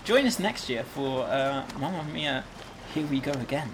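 A relaxed man co-hosts a casual podcast, talking at an ordinary mid-range pitch. He keeps the chat moving along. A steady background hiss is clearly audible. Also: moderate pace. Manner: easygoing, steers the show along. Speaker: podcast co-host.

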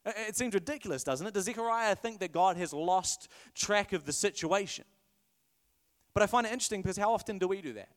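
A man's voice: high voice, fast, big-room sound. A man preaching a sermon in a conversational, playful way, sometimes correcting himself mid-sentence. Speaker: pastor.

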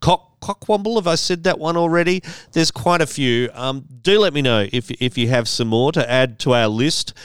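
A man hosts a solo podcast in a chatty, wry manner, drifting into rambling asides. His voice is smooth and clean, recorded dry on a close mic with no room sound. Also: medium pitch, normal speed, hardly any pauses, dry recording. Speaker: podcast host.

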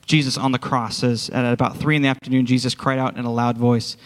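His mid-range voice moves quickly with little pitch variation, carrying the big-room sound of a church sanctuary. He's a worship pastor preaching a sermon and addressing his congregation earnestly and directly.

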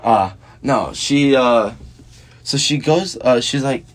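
A young man co-hosting a casual podcast, telling a rambling story and leaning on "she's like" between quotes. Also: slow. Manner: rambling, repeats "she's like" and puts on a high voice for quotes. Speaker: podcast co-host.

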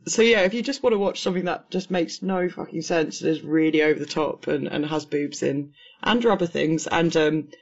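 A woman's voice: low voice, fairly quick. Rambling woman in her thirties. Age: 30s. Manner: rambling, swears freely, acts out quotes. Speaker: podcast co-host. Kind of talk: casual chat. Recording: slightly dull lo-fi sound.

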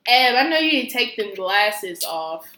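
A woman's voice: on the high side, sing-song, unhurried. A woman co-hosting a casual podcast chat, teasing and playful with her friend. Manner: teasing, playful, bursts into mock dramatic monologue. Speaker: co-host. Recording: echoey room with loud background noise.

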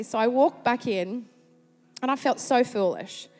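An Australian woman delivers a sermon in a chatty, storytelling manner, her voice sitting a little higher than most. Long reverb from a large church hall trails behind every phrase. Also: moderate pace. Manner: chatty, animated storyteller who slips into quoted voices. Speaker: preacher.

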